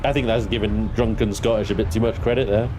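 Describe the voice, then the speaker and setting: A man's voice: fairly low pitch, steady tone, quick pace, noisy background. A man live-streaming a game, chatting in a rambling, giggly way. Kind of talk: live gameplay commentary.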